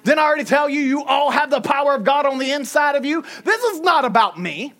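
Southern-accented woman preacher, humorous and emphatic sermon delivery, very animated pitch. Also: fast talker. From Southern United States. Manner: animated, humorous, emphatic, swings between loud and soft.

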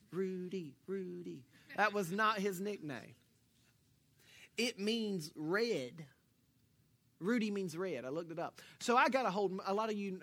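A man pastor preaching a sermon, telling a personal story with jokes and swinging between hushed and loud delivery. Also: sits high. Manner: animated, joking storyteller, swings from quiet to loud.

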